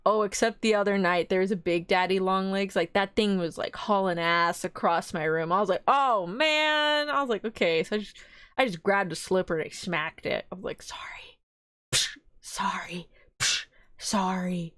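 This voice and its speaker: A woman's voice: medium pitch, a little fast, fairly bright tone, clear, resonant tone, dry recording, studio quality. A young woman streaming live as a vtuber, chatting casually in a rambling, giggly way.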